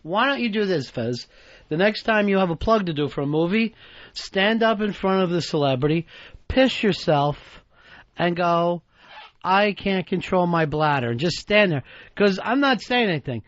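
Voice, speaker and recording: A man's voice: high voice, lively intonation, normal speed, dry recording, dull audio. A man co-hosting a radio talk show, blunt, profane and sarcastic in casual banter. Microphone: studio microphone.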